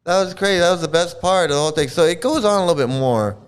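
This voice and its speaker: An older man talks off the cuff in a fairly high voice, blunt and profane, circling back over his points with many restarts. It sounds like casual solo commentary. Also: animated, quick pace, clear, resonant tone.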